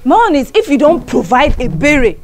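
A woman's voice: high voice, sing-song, normal speed. A woman with a Nigerian English accent acting a tough young woman who demands and threatens in a comedy skit, with music behind. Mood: demanding.

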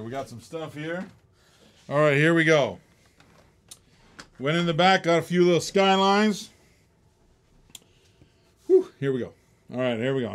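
A man hosting a live online auction, chatty and laughing often, calling bids like a boxing match. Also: medium pitch. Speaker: live stream auction host.

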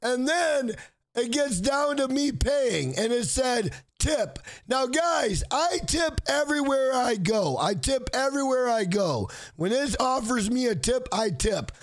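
Man, very high voice, animated exasperated storytelling vlog. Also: slow. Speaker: channel host.

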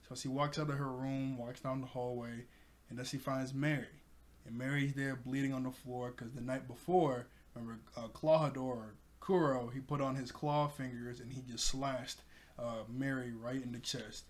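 A man's voice: mid-range voice, fairly even intonation, moderate pace. A man casually recapping an anime episode. He laughs often and keeps correcting himself as he goes. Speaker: anime reviewer.

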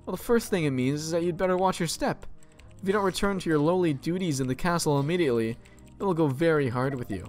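A man's voice: on the high side, fast talker, darkish tone, faint music behind, close to an everyday voice. A man voicing a spiteful female nurse-pharmacist in a text game, sneering and smugly sweet. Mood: haughty.

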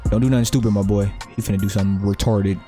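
A young man giving live, profane, trash-talking commentary over his own basketball video game play, breaking into sudden excited yelps. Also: fairly low pitch, very fast, faint music behind. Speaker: gaming YouTuber.

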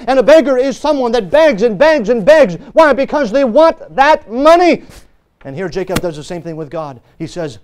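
High-voiced preaching pastor. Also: male voice, lively intonation, fairly quick, clean tone. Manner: emphatic preaching with sudden drops to a hush. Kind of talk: sermon. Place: church service.

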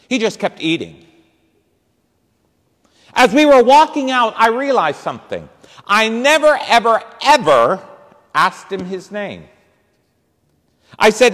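A man's voice: high voice, expressive, a little slow, a bit bright. A man, a priest, telling a story in a sermon, acting out voices and throwing punchy asides to the congregation. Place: church. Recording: reverberant church hall.

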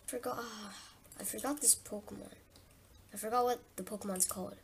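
A woman's voice: medium pitch, fairly even intonation, a little hiss or hum. Sleepy gamer woman commentating casually. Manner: chatty, thinking aloud, quick reactions. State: just woken up. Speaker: let's-play host.

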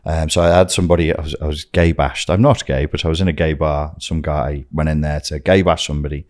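A man with a notably low, deep voice talks candidly as a podcast guest. He is blunt and sweary, and he slips into the voices of the people he quotes as he tells his story. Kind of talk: candid personal storytelling in an interview.

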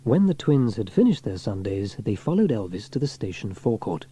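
Lively, mellow male storyteller. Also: on the low side, a little fast, husky. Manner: lively, expressive reading. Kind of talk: children's storybook narration.

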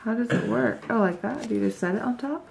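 A woman's voice: a little high, fast, gravelly, a loud crowd. Giggly young woman vlogging late at night. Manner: giggly, chatty. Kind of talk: casual chat. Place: home at night.

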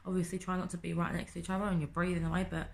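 A woman's voice: fairly low pitch, flat delivery, very fast, gravelly. A woman, chatting casually and swearing often in a home video diary, asking rhetorical questions. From England. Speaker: vlogger. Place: home in the city.

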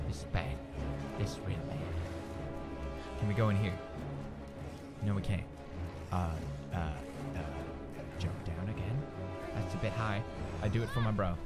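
A man giving let's-play commentary on a video game, excitable and swearing a lot, shouting during fights. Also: lowish voice. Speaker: gamer. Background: game music.

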